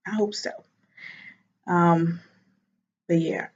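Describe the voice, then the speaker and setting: Woman vlogger, casual chat, lowish voice, animated, laughs a lot, muffled lo-fi sound. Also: measured pace. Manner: chatty and animated, laughs while talking.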